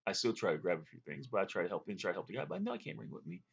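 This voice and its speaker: A man's voice: low-pitched, huge pitch swings, very fast, vocal fry, breathy edge, highs cut off. A man telling a long, rambling story to camera in a casual way, with fillers and restarts. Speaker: vlogger recounting a dream.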